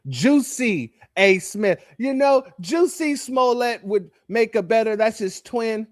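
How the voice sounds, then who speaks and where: A man hosting a live reaction stream, joking and mocking the clips and giving shout-outs to viewers. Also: extremely high pitch, expressive, takes it slowly, no echo, clean studio sound. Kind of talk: casual reaction commentary.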